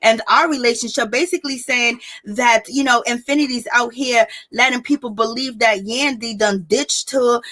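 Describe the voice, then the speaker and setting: A woman with a bright, high voice runs through a reality TV episode in casual recap commentary. She tells it like gossip to a friend, animated and quick to laugh.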